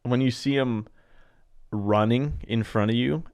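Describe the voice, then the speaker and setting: A man who races off-road trucks, talking as a podcast guest in a rambling, animated way with many "like"s. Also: mid-range voice, unhurried, dry recording, clean studio sound. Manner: rambling, animated, heavy use of "like". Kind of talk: casual podcast conversation.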